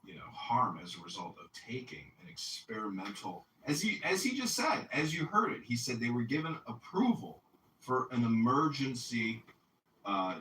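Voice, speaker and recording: Animated man in an echoey room. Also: mid-range voice, recorded from a distance. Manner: animated, profane, storytelling. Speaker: political candidate hosting a talk stream. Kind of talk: casual political chat. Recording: echoey room, off mic, faint noise.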